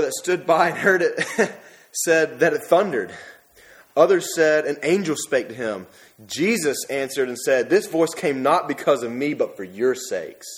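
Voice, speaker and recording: Young male preacher, conversational sermon delivery, animated with sudden emphatic peaks. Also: a little high.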